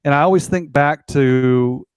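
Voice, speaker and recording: A man's voice: on the high side, a little slow, clean tone, no echo. Male sports podcast host. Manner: conversational, relaxed with occasional fillers. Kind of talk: casual sports podcast chat. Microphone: remote call.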